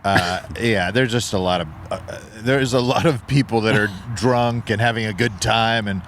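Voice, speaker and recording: A man's voice: on the low side, moderate pace, a bit bright, a little hiss or hum. A man co-hosting a podcast in casual chat outdoors, laid-back and often laughing. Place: outdoors in a park.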